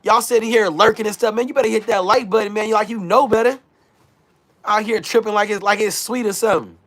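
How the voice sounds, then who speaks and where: A man's voice: high-pitched, fairly even intonation, quick pace, fairly bright tone. A man hosting a casual livestream, talking loosely in slang, hyping his chat and reading their messages aloud. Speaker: livestream host.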